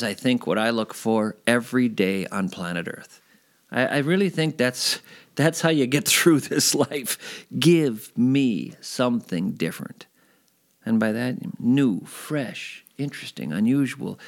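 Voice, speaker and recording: A former radio host with a medium-pitched male voice tells stories in a casual interview. He's animated and rambling, and at times pokes fun at himself.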